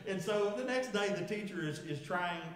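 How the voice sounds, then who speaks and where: Pastor in a booming church hall. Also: male voice, expressive, normal speed. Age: 50s. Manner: storytelling, chuckling, asking the congregation. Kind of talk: sermon. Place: large echoey church sanctuary. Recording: echoey church hall with long reverb.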